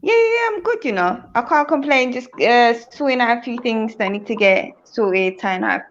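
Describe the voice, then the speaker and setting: A woman's voice: on the high side, normal speed. A woman with an Ethiopian accent, a guest on a live stream, speaking thoughtfully and often hedging her views. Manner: thoughtful, hedging, often says she doesn't know. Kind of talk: casual chat. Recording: dull lo-fi stream audio.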